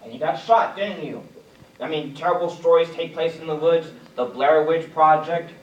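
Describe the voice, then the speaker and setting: A man's voice: on the high side, moderate pace, lo-fi sound. Rambling young man at an open mic. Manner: rambling, self-mocking, laughs at own jokes. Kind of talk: stand-up comedy. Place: small room at an open mic. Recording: echoey room, mic at a distance.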